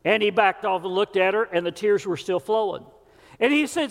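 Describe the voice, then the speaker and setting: A man's voice: sits high, animated, moderate pace, vocal fry. A male pastor preaching a sermon, earnest and folksy, with scripture and homespun stories. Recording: long church hall reverb.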